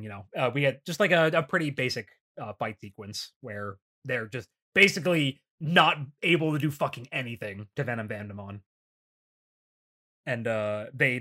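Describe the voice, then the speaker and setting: A man's voice: mid-range voice, sharp tone. A man casually recapping an anime episode, swearing often and mock-quoting characters between laughs. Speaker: podcast host.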